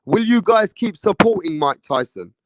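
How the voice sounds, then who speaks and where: On his relaxed live boxing chat, a man from England reads what viewers send in, talking to them often in a chatty, slang-filled way. His high-sitting voice is expressive and moderately paced, with no echo.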